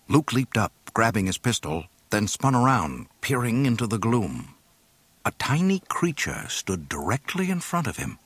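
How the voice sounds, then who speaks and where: A man reading a story aloud in an expressive, dramatic narration. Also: medium pitch, moderate pace, husky, no echo. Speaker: audiobook reader.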